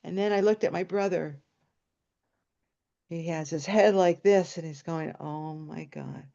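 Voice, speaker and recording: A woman telling a personal story on stage in an animated way, jumping into high excited voices when quoting. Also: unhurried, muffled recording.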